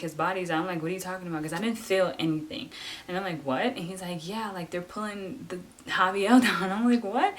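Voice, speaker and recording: A young woman vlogger telling a personal story in a casual way, animated, often saying "like" and acting out what others said. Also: low-pitched. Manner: animated, acts out voices of nurses and husband; fills talk with "like".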